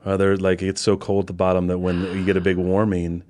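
Man, very deep voice, joking asides, casual podcast guest. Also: completely flat delivery, quick pace, warm tone, no room sound. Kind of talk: casual conversation.

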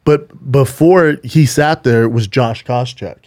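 A man's voice: medium pitch, slow, darkish tone, no room sound. Man telling a rambling story. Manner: rambling storyteller, swears casually. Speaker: podcast co-host. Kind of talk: casual chat.

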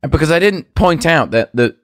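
A man guesting on a casual podcast, telling a long story in a rambling, hesitant way, full of pauses and restarts. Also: fairly high pitch, expressive, no room sound, studio quality. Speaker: guest magician.

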